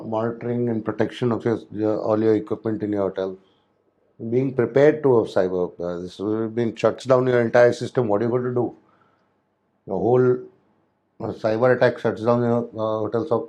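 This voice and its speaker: In a dark, fairly low voice captured on dull audio, a hospitality security instructor lectures on hotel safety and security. The delivery is loose, marked by repeated restarts and fillers.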